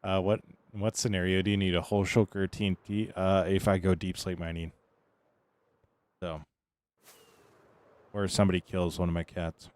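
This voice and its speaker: A man's voice: sits low, little pitch movement, moderate pace, long pauses, darkish tone, dry recording. A man giving casual livestream commentary as a game streamer, rambling along and answering his chat between remarks.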